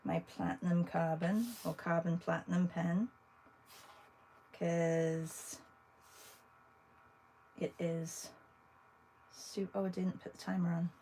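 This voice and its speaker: Host: chatty woman art teacher, unhurried delivery, a bit of vocal fry, talks to viewers while she draws. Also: lowish voice, fairly even intonation, dark tone, slight background noise, low-quality recording. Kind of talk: casual livestream drawing demo.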